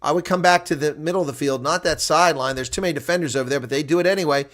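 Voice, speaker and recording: Man, live rugby reaction commentary, higher voice, calm breakdowns, bursts of excited shouting. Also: racing.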